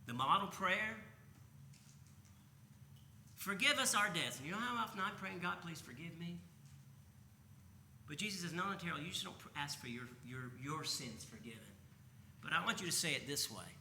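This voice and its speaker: Man, preacher, sermon, conversational, rhetorical questions, fairly high voice, roomy church echo. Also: animated, quick pace, pushed and bright, slight background noise. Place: church sanctuary.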